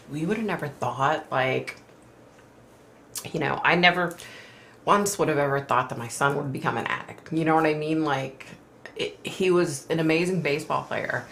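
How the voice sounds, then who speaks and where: Hosting a relaxed live stream, this middle-aged woman reads out viewer comments in a deep, fairly bright voice. Her talk wanders and turns emotional, dotted with sighs and fillers, over slight background noise.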